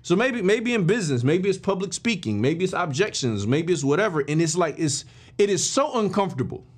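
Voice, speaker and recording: A male podcast host with a fairly high voice that swings widely in pitch as he tells a motivational story. He talks emphatically and informally, often restarting his phrases. He speaks straight to his listeners as if chatting with them. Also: fairly quick. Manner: animated, addresses listeners directly and informally; emphatic with frequent restarts and fillers.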